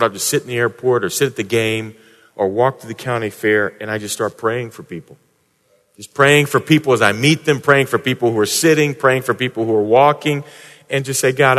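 A man preaching a sermon as a pastor, moving from hushed, prayerful passages to raised, emphatic points. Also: mid-range voice. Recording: long hall reverb.

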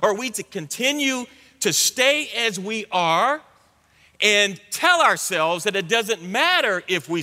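A male pastor preaching a sermon, swinging between loud emphatic bursts and hushed low lines. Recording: long hall reverb.

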